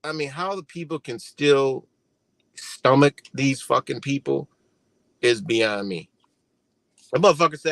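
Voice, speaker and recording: A man's voice: mid-range voice, moderate pace, fairly bright tone, dry recording. Profane ranting man, dry sound. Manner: profane, heated, repetitive. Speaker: live streamer. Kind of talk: ranting commentary.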